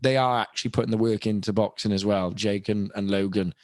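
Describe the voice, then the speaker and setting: A man's voice: lowish voice, fairly even intonation, a little fast, a little mellow, no room sound, clean studio sound. A young British man, a voice actor guest on a podcast, talking candidly in a casual interview with many restarts and asides. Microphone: podcast microphone.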